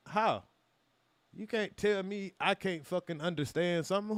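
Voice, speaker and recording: A man with a high-pitched, somewhat bright voice speaks at normal speed on a dry, clean studio recording. Hosting a reaction channel, he delivers a heated, profane commentary monologue to his live chat, firing off rhetorical questions and calling out chatters.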